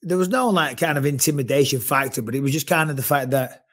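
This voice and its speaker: A man's voice: medium pitch, fast talker, a bit bright. A man, a podcast host, chatting casually and swearing in a self-mocking way. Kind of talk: casual chat.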